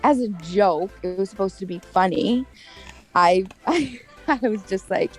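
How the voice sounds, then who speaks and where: A woman's voice: mid-range voice, expressive, a little slow, faint music behind. A woman in casual chat with friends, talking in long runs and retelling conversations with quoted lines. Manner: chatty, retells stories with quoted voices, laughs often. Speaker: streamer chatting with friends.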